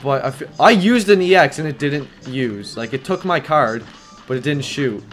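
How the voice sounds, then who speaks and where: A man giving rambling live gameplay commentary, excitable and prone to yelling when things get stressful. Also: mid-range voice, moderate pace, soft background music. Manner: rambling, filler-heavy. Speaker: gaming YouTuber.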